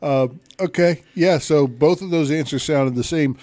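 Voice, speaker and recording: A man's voice: fairly high pitch, normal speed, a little mellow, no room sound. A man hosting a podcast, chatting casually, teasing his co-host and laughing often. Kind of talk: casual chat.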